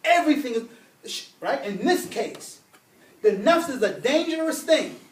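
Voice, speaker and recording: A man teaching an Arabic religious text in class, emphatic and animated, repeating key points and reading Arabic quickly. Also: extremely high pitch, roomy sound, distant mic. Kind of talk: classroom lesson.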